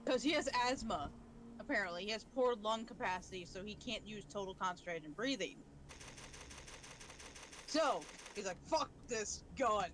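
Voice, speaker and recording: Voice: mid-range voice, animated, normal speed, pauses often. Casual co-streamer rattling off anime stuff, mid voice, slight noise. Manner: chatty, explains anime plots. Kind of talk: casual gaming stream chat.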